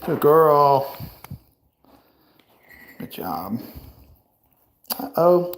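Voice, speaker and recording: A man's voice: moderate pace, rough recording. Man livestreaming, cooing at his pet. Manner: coos in a high sing-song voice at his pet. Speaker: livestream host. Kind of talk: casual livestream chat.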